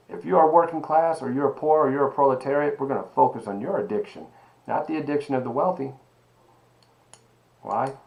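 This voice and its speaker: A man teaching an online sociology lecture, animated and emphatic, asking rhetorical questions and calling his students baby. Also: mid-range voice, low-quality recording. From Miami. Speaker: sociology professor.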